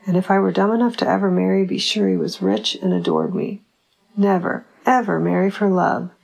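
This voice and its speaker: A woman's voice: mid-range voice, expressive, brisk, gravelly, darkish tone. A woman reading the part of a scornful, witty older mother with a Texan twang and a sneer.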